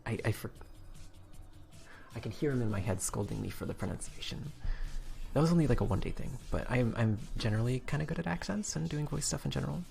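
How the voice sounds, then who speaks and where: Gravelly rambling streamer man. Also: medium pitch, expressive, fast talker, a little mellow, soft background music. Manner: rambling, self-interrupting, reads docs aloud. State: slightly stiff throat. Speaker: streamer and game developer. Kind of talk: casual live-stream chat.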